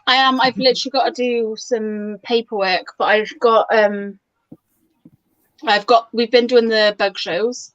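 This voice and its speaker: A woman tells rambling stories in a casual group chat, full of "um" and "like". Her voice sits a little high, and the call audio is dull and dry, with no room sound. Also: fairly even intonation, unhurried, a bit bright, no room sound. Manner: chatty storyteller, fillers and restarts. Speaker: guest on a chat stream. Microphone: video call.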